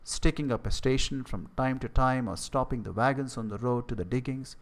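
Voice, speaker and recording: Man voicing a weary old dying man, grave and confessional, steady unhurried delivery, mid-pitched voice. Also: natural voice.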